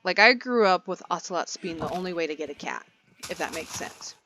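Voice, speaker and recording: A woman's voice: fairly low pitch, animated, a little fast, pushed and bright, slight background noise. A young woman giving casual gameplay commentary, chatty and rambling, easily sidetracked. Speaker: gaming video creator.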